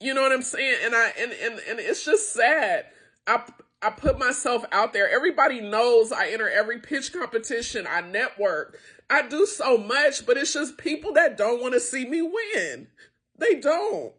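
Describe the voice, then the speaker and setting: A middle-aged woman who founded and runs a small business speaks straight to the camera in an impassioned, emotional appeal, frustrated and nearly in tears. Her voice sits on the high side, with lively intonation and a normal speed. The tone is fairly bright and slightly rough.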